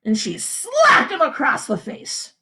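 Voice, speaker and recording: A woman school principal reading a novel aloud to her students with expressive storytelling. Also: high-pitched, slow. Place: home, livestream.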